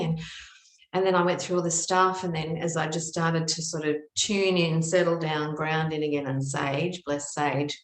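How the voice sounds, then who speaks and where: A woman from Australia, a spiritual teacher, telling a personal story in an earnest, animated way with many fillers. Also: deep voice, moderate pace, reverberant, low-quality recording. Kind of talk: storytelling monologue.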